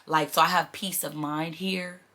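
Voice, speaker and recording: A woman's voice: low-pitched, fairly even intonation, a little slow, sharp tone. A woman chatting casually to camera from a small bedroom in her mother's house, drifting from personal sidebars into preaching. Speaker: vlogger.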